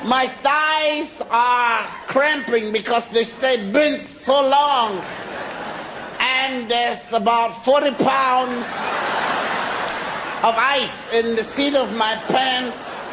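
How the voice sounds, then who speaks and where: An American man in his forties doing stand-up, telling a long story in a drawn-out, animated way and shouting the punchlines. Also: extremely high pitch, crowd noise. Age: 40s. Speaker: stand-up comedian. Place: comedy stage before a live audience. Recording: live stand-up with loud audience laughter and noise.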